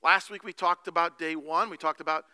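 A male pastor giving a sermon with animated storytelling and slow, emphatic phrases. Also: fairly high pitch, clean tone, no room sound.

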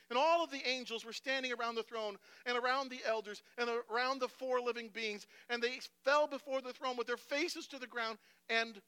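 A man, a pastor, preaching a sermon emphatically, moving between hushed passages and loud declarations. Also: extremely high pitch, moderate pace, clear, resonant tone, no echo.

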